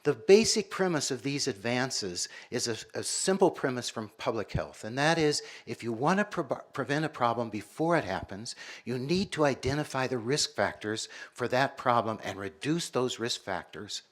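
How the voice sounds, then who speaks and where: A man's voice: medium pitch, expressive. American man in his sixties lecturing. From United States. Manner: warm storytelling, measured. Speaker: university professor. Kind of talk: public lecture with personal stories.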